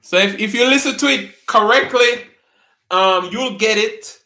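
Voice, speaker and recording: A man's voice: high voice, unhurried, sharp tone, echoey room. A man with a Jamaican accent hosting a casual live stream, chatting with viewers and laughing often as he reads out their comments.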